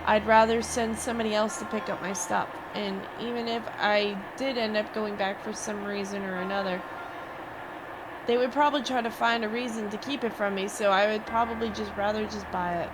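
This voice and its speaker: A woman's voice: mid-range voice, fairly even intonation, a little fast. A young woman streamer venting to her viewers in a rambling, swearing rant. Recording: noisy background.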